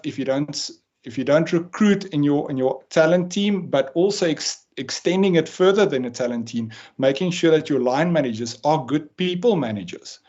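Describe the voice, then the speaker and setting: A man's voice: a little high, darkish tone. Hesitant man on muffled call audio. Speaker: panelist. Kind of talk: panel discussion.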